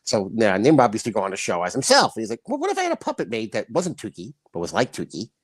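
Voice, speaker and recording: A man's voice: wildly swooping pitch, fast talker, slightly rough, no room sound. Playful chatty man on a livestream. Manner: playful, chatty, slips into a high sing-song puppet voice. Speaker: puppeteer and livestream guest. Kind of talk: casual chat on a livestream.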